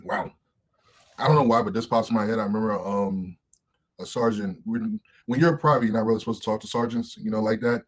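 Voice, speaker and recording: Husky-voiced man telling blunt stories. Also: on the low side, brisk. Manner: animated, swears freely, acts out other people's voices. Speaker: interview guest. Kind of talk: candid podcast storytelling.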